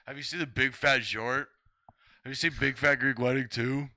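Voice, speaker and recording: A young man hosting a podcast in casual chat, excitable and swearing freely as he trips over his own sentences. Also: medium pitch, moderate pace, no echo, studio quality. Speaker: podcast host.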